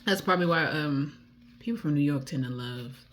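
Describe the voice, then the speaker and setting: Low-voiced woman with a D.C. accent. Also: normal speed, a little hiss or hum. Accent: Washington, D.C. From Washington, D.C. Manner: rambling, chatty, drifts off topic; soft muttered asides while applying lipstick. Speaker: beauty vlogger. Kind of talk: casual chat while doing makeup.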